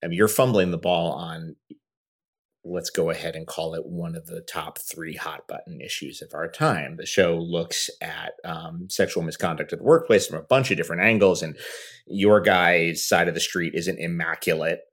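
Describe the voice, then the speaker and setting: Male interviewer, deep voice, measured and conversational. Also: fairly even intonation, fairly bright tone, husky. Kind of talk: casual interview questions.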